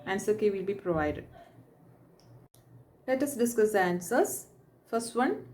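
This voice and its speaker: A woman's voice: mid-range voice, lively intonation, measured pace, long pauses, a little mellow, far from the mic. A woman teacher explaining grammar step by step and often asking checking questions like "right?" to her pupils. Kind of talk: recorded grammar lesson. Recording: echoey room, voice off mic.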